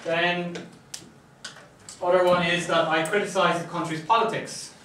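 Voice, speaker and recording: Male lecturer, conversational, slightly high-pitched, recorded from afar in a roomy classroom with faint hiss. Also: level tone, a little slow, fairly bright tone. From Ireland. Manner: conversational, checks in with "right?" often. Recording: echoey classroom, mic at a distance.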